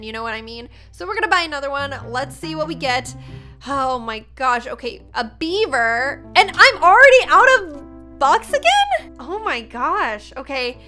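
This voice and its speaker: A woman giving excited, dramatic gameplay commentary as a YouTuber, often mocking herself. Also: high voice, moderate pace, faint music behind. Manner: animated, dramatic, self-mocking. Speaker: gaming YouTuber.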